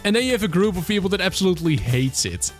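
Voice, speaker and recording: A Dutch-accented man chatting loosely with his livestream viewers. His voice sits a little high for a man, and he rambles with easy fillers and restarts. Soft music plays behind him. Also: big pitch swings, fast talker. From Netherlands. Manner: chatty, reads and answers viewer chat, many fillers and restarts. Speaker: streamer. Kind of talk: casual livestream chat.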